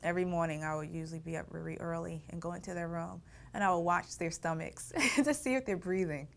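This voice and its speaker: A woman's voice: lowish voice, fast talker, gravelly, a bit bright. A middle-aged woman telling her family story in an interview, reflective and often laughing through painful memories. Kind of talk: personal storytelling.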